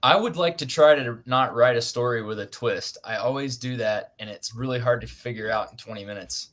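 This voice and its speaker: A man's voice: mid-range voice, a little fast, fairly bright tone. A man hosting a writers' livestream over a video call, chatty and self-deprecating, joking as he goes. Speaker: livestream host. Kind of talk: casual chat.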